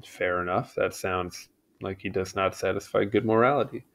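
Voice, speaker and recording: A man's voice: deep voice, fairly even intonation, moderate pace, vocal fry, a bit bright. A man casually reading a history article aloud, stumbling over names and adding chatty asides. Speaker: channel host reading aloud.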